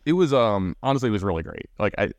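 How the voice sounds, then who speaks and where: A man with a voice on the low side co-hosts a podcast, recorded dry. He tells a story in casual chat, fast and animated, full of fillers and restarts.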